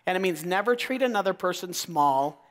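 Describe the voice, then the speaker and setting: Enthusiastic male keynote speaker in his 40s, bright high voice, echoing in a large hall. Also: animated, normal speed. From Idaho. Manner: enthusiastic, crowd-engaging, calls out questions to the audience. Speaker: motivational speaker. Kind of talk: energetic keynote talk. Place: large auditorium. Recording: long hall reverb.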